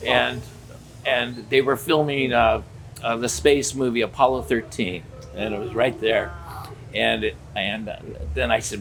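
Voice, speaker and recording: A man's voice: mid-range voice, a little slow, gravelly, a little hiss or hum. An older man, a theme park character performer telling stories in a casual interview and acting out the dialogue. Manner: animated storyteller acting out dialogue.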